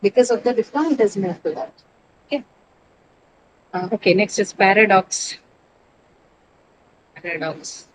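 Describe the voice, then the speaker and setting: A woman teaches an English lesson, working through word stress patiently and spelling out suffixes letter by letter. She keeps turning to her students with questions. There is a clear layer of noise behind her voice. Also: mid-range voice, animated, a little slow, pauses often, rough recording.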